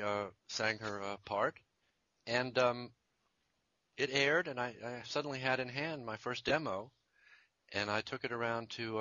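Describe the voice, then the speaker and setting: A man's voice: lowish voice, sharp tone, no echo, highs cut off. A man in his fifties from Virginia, a jingle composer and musician, telling stories in an interview in a rambling, chuckling way with many restarts. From Virginia, USA. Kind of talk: conversational interview storytelling.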